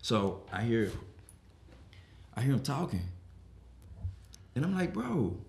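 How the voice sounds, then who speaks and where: A young man co-hosts a podcast, telling a laid-back story laced with swearing and animatedly voicing the people involved. His voice is mid-range and his pace is slow.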